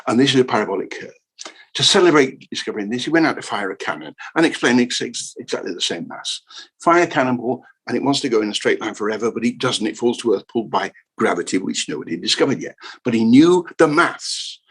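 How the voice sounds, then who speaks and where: A man giving a humorous keynote lecture on the history of maths, jokey and animated, repeating words for emphasis. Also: mid-range voice, quick pace, husky, rough recording. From United Kingdom. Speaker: keynote speaker.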